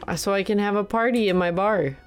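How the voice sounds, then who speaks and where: A woman's voice: mid-range voice, fairly quick, faint music behind. A young woman streaming a game, chatting casually, exclaiming and thanking viewers as she plays. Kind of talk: casual live-stream chat while playing.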